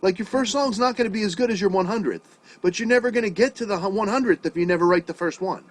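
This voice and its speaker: High-voiced man teaching songwriting casually. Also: quick pace, rough recording. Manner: casual, swears freely, checks understanding often. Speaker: music teacher. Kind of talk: online songwriting lesson. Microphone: video call.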